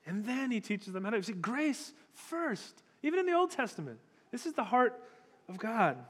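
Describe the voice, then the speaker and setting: A man's voice: very high-pitched, big pitch swings, moderate pace, fairly bright tone, husky. A male pastor preaching a sermon in a church hall, conversational and emphatic. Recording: long hall reverb.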